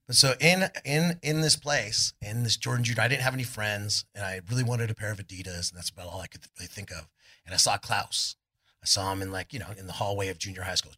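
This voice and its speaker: A middle-aged rock singer with a Californian accent is a guest at a live on-stage interview in a club. His voice is lowish and husky, and he tells rambling, animated stories, loudly bursting into quoted lines.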